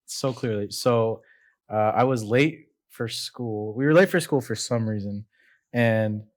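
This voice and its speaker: A young adult man hosting a casual faith podcast, earnest and reflective, often halting and restarting as he shares a personal story. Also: fairly low pitch. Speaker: podcast host.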